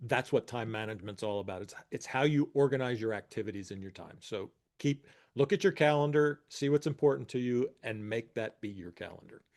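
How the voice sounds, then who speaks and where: A man's voice: mid-range voice, a little fast, few pauses, darkish tone. A man in his sixties co-hosting a podcast, explaining ideas in a reflective, casual way. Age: 60s. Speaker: podcast co-host. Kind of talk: casual chat.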